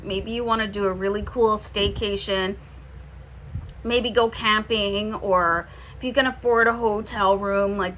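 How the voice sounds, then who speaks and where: A woman's voice: medium pitch, pushed and bright, slight background noise. A woman with a Canadian accent giving a casual, reassuring tarot reading, often checking in with "okay?". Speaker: tarot reader.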